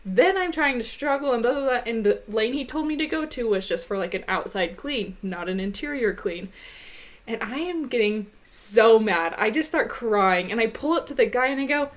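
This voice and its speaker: Young woman, podcast co-host, lively storyteller, laughs a lot, slightly high voice. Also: moderate pace. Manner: animated, laughing, gets high and loud when retelling upset moments. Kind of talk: casual storytelling chat.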